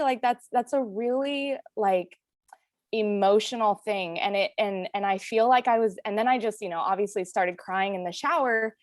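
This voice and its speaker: Her voice is mid-range and moderately paced, recorded cleanly in a studio without echo. She is a late-twenties interview guest recounting her own story frankly and earnestly, with many "like"s and "you know"s.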